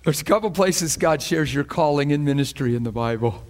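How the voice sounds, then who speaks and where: A man preaching a sermon, animated and emotional, acting out scripture scenes and breaking into laughter. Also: fairly high pitch, a little fast.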